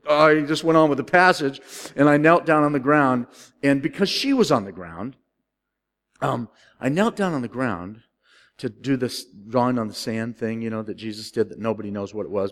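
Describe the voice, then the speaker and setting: A man preaching a sermon, telling a story with big swings from loud, high excitement to quiet, low solemnity. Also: big-room sound. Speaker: pastor.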